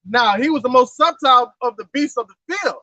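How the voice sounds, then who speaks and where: A man's voice: extremely high pitch, expressive, moderate pace, bright, forceful tone. A man in a religious discussion, speaking in a preachy, emphatic way and closing his points with "man" or "all right". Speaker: Bible study participant. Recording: dull lo-fi sound.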